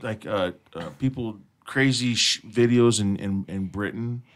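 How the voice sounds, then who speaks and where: A man's voice: on the low side, measured pace. Laughing, rambling radio host man. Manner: laughing, rambling, swearing freely. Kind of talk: casual chat.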